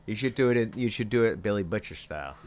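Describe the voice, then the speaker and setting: Deep-voiced man, casual podcast host. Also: fast talker. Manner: relaxed, joking, runs the recording cues. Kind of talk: casual chat.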